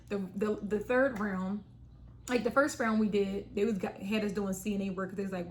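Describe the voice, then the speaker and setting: A young adult woman telling a personal story to camera in casual chat, animated and acting out what she and others said. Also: mid-range voice, fairly quick. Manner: animated, acts out quotes of herself and her sister. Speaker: vlogger.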